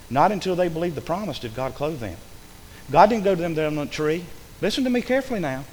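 A man's voice: on the high side, long reverb tail, poor audio. A male pastor, preaching a sermon emphatically and acting out the voices of the people he quotes. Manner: emphatic, acts out quoted speakers. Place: church sanctuary.

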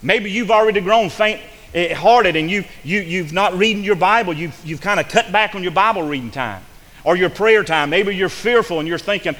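A male pastor delivers a sermon at normal speed in a bright, high voice, fervently repeating and restarting his phrases. Long reverb fills the sound, like a church hall.

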